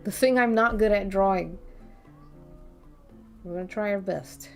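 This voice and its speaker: With faint music playing behind her, a woman keeps up a casual, rambling live-stream chat while she draws, swearing offhandedly and giggling and humming along to herself. Her medium-pitched voice is unhurried.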